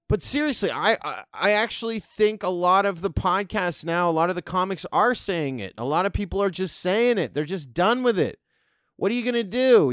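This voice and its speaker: A man's voice: a little high, clear, resonant tone, dry recording, studio quality. A man hosting a podcast, ranting in a rambling, sarcastic, profane way. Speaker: podcast host. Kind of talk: comedic podcast rant.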